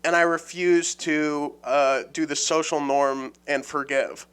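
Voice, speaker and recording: A man's voice: a little high, fairly even intonation, slow, a bit bright, smooth. A man chatting as a podcast guest, teasing in a playful, mock-formal way. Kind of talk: casual chat.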